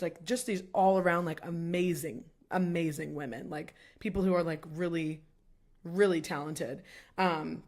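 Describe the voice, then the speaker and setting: Chatty lowish-voiced young woman. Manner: chatty, fills speech with "like" and "um". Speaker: podcast co-host. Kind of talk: casual chat.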